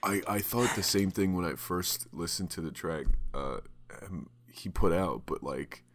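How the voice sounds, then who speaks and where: A man's voice: low-pitched, measured pace, fairly bright tone, slight background noise. A young man co-hosting a podcast, talking bluntly and casually, swearing now and then. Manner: blunt, swears casually, quotes people in put-on voices. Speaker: podcast co-host. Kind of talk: casual chat.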